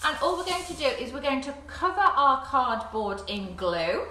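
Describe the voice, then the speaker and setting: A woman leading a live craft session for young children at home, talking gently and encouragingly. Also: high voice, big pitch swings, normal speed. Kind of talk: live-streamed play-along craft session. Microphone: phone camera. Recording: echoey room at home.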